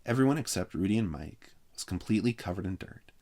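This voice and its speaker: A man reading a children's novel aloud with steady, expressive narration. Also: sits low, fast, creaky. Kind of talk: read-aloud story narration.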